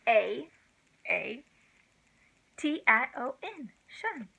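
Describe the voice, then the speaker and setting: A woman's voice: fairly high pitch, very animated, drawn-out words, vocal fry, sharp tone, husky, rough recording. An older woman, a grandmother, giving a homeschool vocabulary lesson, spelling words letter by letter in a chatty, self-deprecating way.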